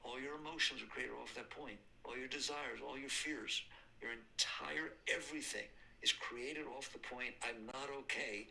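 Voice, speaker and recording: A man's voice: medium pitch, fairly even intonation, moderate pace, creaky, bright, forceful tone, a little hiss or hum, rough recording. An older man giving a spiritual talk, emphatic, repeating points and answering his own questions. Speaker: spiritual teacher.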